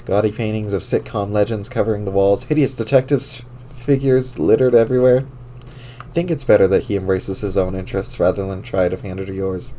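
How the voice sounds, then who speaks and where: Dude reading a comic out loud on stream, dry funny asides, mellow voice, bit of hiss. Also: male voice, fairly low pitch, steady tone, brisk. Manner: wry, amused, adds own comments. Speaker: streamer reading a webcomic aloud. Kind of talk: casual read-aloud narration.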